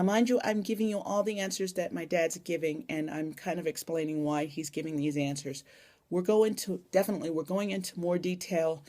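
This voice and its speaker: Recorded on a phone camera, this vlog tag features a young woman with a deep, mellow voice, chatting casually, wandering off topic, and slipping in small asides.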